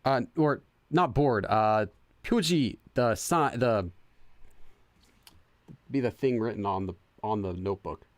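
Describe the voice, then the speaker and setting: A man's voice: on the low side, a little slow, pauses often, no echo. A young man hosting a casual let's-play, chatting, laughing often and translating game text as he goes. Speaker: gaming channel host.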